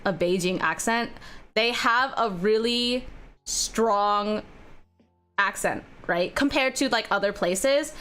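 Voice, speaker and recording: A young woman with a fairly high voice chats loosely with her viewers while drawing on a livestream. She rambles from one aside to the next, filling gaps with "like" and "um" and laughing often. Soft music plays faintly underneath. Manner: rambling, chatty, laughs often, many fillers. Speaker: art streamer. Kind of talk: casual chat while drawing on stream.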